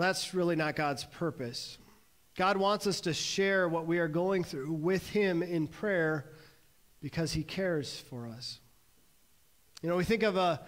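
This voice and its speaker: A male pastor giving a sermon, earnest and measured, slowing and pausing on key words. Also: high-pitched. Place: church sanctuary.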